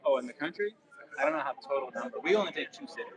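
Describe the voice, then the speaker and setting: A man's voice: medium pitch, expressive, racing, a crowd in the background, low-quality recording. A man from a school program answering questions in a modest, easygoing way. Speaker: program staff member.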